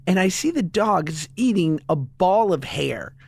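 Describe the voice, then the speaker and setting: A man's voice: sits high, big pitch swings, measured pace, creaky, slightly rough, dry recording. A man co-hosting a comedy podcast, telling a funny anecdote with frequent laughter. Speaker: podcast co-host. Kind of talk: comedic casual podcast chat.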